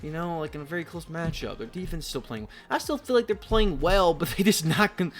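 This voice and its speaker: A young man talks through a casual sports vlog in a rambling, profane way. He drops to low mutters, then flares into loud rants. Faint music plays under his voice. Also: expressive, fairly quick. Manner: rambling, profane, swings between mumbling and loud outbursts. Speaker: sports video host.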